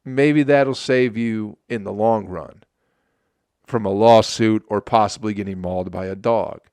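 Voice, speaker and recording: A man's voice: on the low side, a little slow, a little mellow, clean tone, no room sound, studio quality. A male comedian from Michigan hosting his podcast in a casual, sarcastic monologue, swearing often and laughing at his own jokes. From Flint, Michigan.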